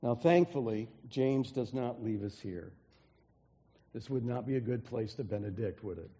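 A pastor preaching a sermon in an earnest way, often restarting phrases and dropping softly for emphasis. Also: male voice, medium pitch, breathy edge, big-room sound. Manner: earnest, with frequent restarts and soft drops for emphasis.

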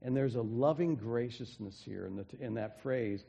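A pastor preaching a sermon in an earnest way, often restarting phrases and dropping softly for emphasis. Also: male voice, mid-range voice, moderate pace, gravelly, slightly rough, big-room sound. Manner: earnest, with frequent restarts and soft drops for emphasis.

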